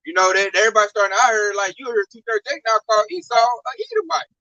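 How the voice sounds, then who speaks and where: A man talking in a casual religious discussion, slangy and animated, telling stories. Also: high voice, quick pace, dry recording, lo-fi sound.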